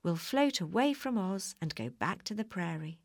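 A woman's voice: fairly low pitch, lively intonation, moderate pace, no room sound, studio quality. A woman voicing a kindly, apologetic male balloonist wizard in a storybook reading.

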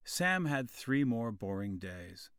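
A man reading a children's story aloud, slow, clear and expressive. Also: medium pitch, no room sound, studio quality. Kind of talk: storybook narration.

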